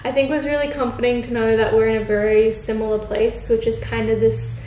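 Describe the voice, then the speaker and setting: A young woman talking to camera in a soft, heartfelt, casual way, full of "like" fillers. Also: fairly high pitch, little pitch movement, a little fast. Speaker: vlogger. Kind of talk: casual reflective chat to camera. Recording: roomy with faint background hiss.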